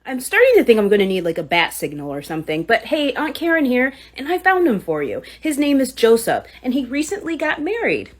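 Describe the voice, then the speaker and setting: A woman speaks to her viewers in a sarcastic, mock-sweet tone, her fairly high voice swooping up and down. It sounds like a casual social media clip. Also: wildly swooping pitch, a little fast, few pauses.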